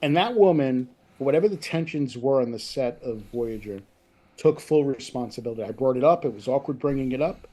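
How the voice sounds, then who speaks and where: A man being interviewed about his book over a video call, telling lively anecdotes in a chatty, self-deprecating way. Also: mid-range voice, brisk. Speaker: author, interview guest. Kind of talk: casual storytelling chat.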